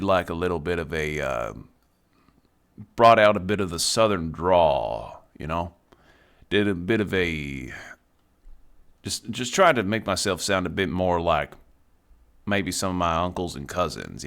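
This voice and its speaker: A deep-voiced man talks loosely as he plays a video game on stream. He drifts from thought to thought in relaxed, chatty asides and swears now and then without much weight behind it. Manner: rambling, chatty, swears casually. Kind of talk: casual chat while playing a video game.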